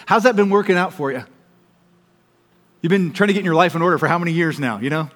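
A pastor preaching a sermon, emphatic, swinging from loud appeals to soft, hushed pleas. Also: male voice, fairly high pitch, quick pace. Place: church auditorium. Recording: long reverb of a large hall.

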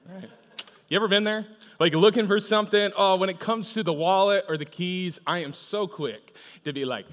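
A pastor whose voice sits high and sounds a bit bright preaches at a moderate pace, his words echoing with the long reverb of a large church auditorium. His sermon is conversational, sprinkled with "right?" and funny stories.

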